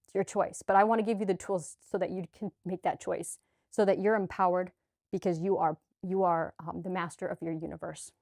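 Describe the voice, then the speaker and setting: A woman's voice: on the low side, steady tone, a little fast, darkish tone, no echo, clean studio sound. A woman talking straight to her viewers in a heartfelt spiritual vlog, earnest and gushing, sweaty and a little choked up. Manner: earnest, gushing, with restarts and filler. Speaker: spiritual vlogger. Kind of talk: heartfelt direct-to-camera vlog.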